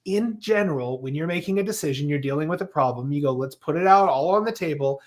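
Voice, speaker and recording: On a live show, a man with a slightly high voice and a quick pace walks a couple through their personality profiles. He's analytical yet playful, acting out the remarks they make to each other.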